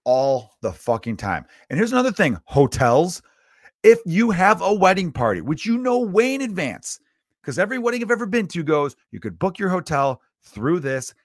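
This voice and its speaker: A man's voice: sits high, very animated, moderate pace, no echo, clean studio sound. A male comedian hosting his own podcast, ranting in an exasperated, profane, rambling way into a podcast mic. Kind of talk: solo comedic rant.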